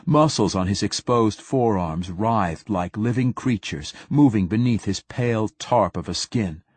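A male audiobook narrator telling the story in a very slow, steady way. His voice is low and husky, and the recording is dry and close. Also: dry recording. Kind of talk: scripted narration.

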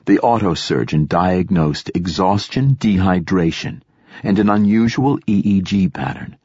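A man narrating an audiobook in a steady, even storytelling manner. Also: sits low, husky, no echo, studio quality. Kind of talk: scripted narration.

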